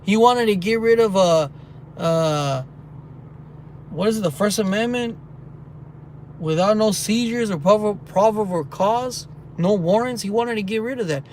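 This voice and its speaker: A man with a high voice rants heatedly while he walks outdoors at night. He speaks into a phone and reads viewer comments aloud as he goes. Faint traffic hum sits underneath. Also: a little slow, a little mellow. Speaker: vlogger. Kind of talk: rambling walking vlog.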